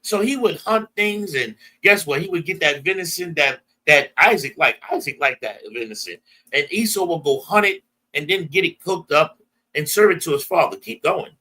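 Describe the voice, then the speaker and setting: A man's voice: fairly high pitch, animated, normal speed, sharp tone. A man with an American accent teaching a bible class, emphatic, prompting a reader and retelling verses in everyday slang. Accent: American English. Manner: emphatic, call-and-response, paraphrases verses in slang.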